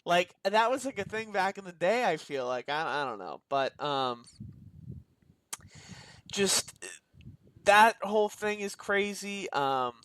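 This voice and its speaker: A man's voice: sits high, lively intonation, takes it slowly, long pauses, noisy background. A young man co-hosting a casual movie review, loose and slangy, often trailing off mid-thought. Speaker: movie review podcast co-host. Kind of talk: casual chat.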